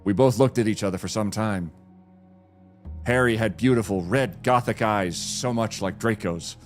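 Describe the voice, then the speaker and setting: A man's voice: fairly low pitch, moderate pace, soft background music. A man streamer giving a comedic dramatic reading with a dry, mock-serious delivery.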